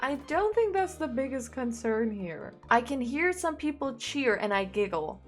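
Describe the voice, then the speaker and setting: A young woman reading fanfiction aloud as a content creator, breaking in with animated, sarcastic jokes and giggles. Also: high-pitched, normal speed, soft background music.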